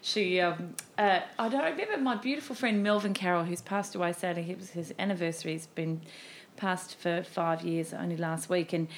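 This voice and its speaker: Aussie woman chatting, lively storyteller, acts out her old self, faint hiss behind. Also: lowish voice, normal speed, few pauses. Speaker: guest, cabaret performer. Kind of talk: casual chat.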